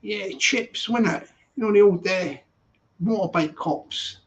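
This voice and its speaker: A man's voice: high voice, a little slow. A man hosting a live stream, chatting casually and rambling as he reads out viewer comments. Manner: rambling, repeats himself, chatty. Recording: dull lo-fi stream audio.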